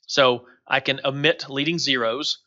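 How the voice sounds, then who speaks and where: A man's voice: mid-range voice, fairly even intonation, measured pace, sharp tone, muffled recording. A man teaching a recorded course lecture over slides, talking loosely with many fillers and restarts. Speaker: instructor.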